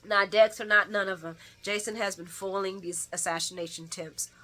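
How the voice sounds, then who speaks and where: A woman chats through a daily soap recap in a casual, animated way, slipping into the characters' lines as she tells the story. Her voice is bright and forward, with a middle pitch. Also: a little fast. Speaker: soap opera recap host.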